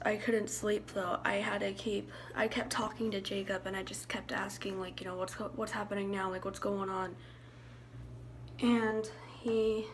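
A young woman talking to her viewers in a soft, halting way, sometimes dropping into a hushed, whispery voice. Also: mid-range voice, slight background noise, low-quality recording. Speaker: YouTuber. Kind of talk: emotional vlog talk to viewers.

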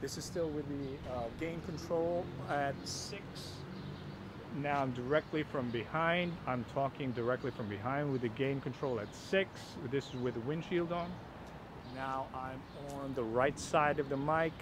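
A gear reviewer with a mid-range voice talks a little slowly while casually testing and reviewing a microphone, plain and matter-of-fact with small fillers. He starts outdoors, then moves indoors to a computer. The mic shifts between a phone and a shotgun at varying distances, with background noise present.

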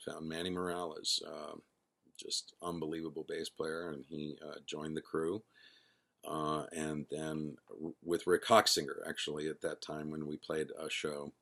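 A creaky, rumbling low voice with a flat, unhurried delivery and a fairly bright tone belongs to a middle-aged man who founded and fronts a band. His casual account wanders, he keeps correcting himself, and he performs the lines he quotes.

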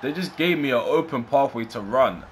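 A man giving live, excitable commentary over his own video game match, swearing and reacting as he plays. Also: medium pitch, normal speed, a little hiss or hum. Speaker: gaming YouTuber.

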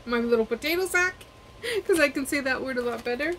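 A woman's voice: high voice, lively intonation, a little fast, a bit bright, slight background noise, rough recording. A woman chatting casually at home as she unboxes and reviews craft kits, rambling and trailing off mid-sentence.

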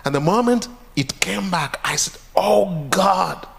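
A pastor giving an earnest testimony sermon, repeating phrases with rising intensity. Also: male voice, sits high, expressive, normal speed, creaky, a bit bright, slightly rough. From Uganda.

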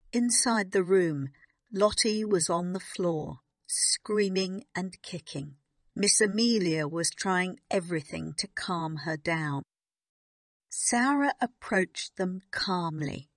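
Slow, clear woman reading a storybook. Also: fairly low pitch, dry recording, clean studio sound. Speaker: narrator. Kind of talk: graded reader audiobook narration.

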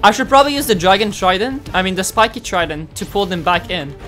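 Excitable young man doing gameplay commentary. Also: high-pitched, quick pace, faint music behind. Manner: excitable, exclaiming and taunting opponents. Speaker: gaming channel host.

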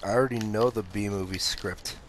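A man's voice: fairly low pitch, fairly even intonation, brisk, a little hiss or hum. A young man streaming a game, chatting casually with viewers and swearing freely, sounding sleepy with a bit of phlegm in his throat. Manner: laid-back, swears freely, answers chat. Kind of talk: casual gaming stream chat.

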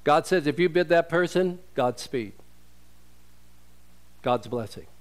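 A man preaches a sermon, talking with his congregation in a conversational way. He asks rhetorical questions and quotes scripture, and his voice sits a little high for a man. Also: unhurried, pauses often. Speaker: pastor.

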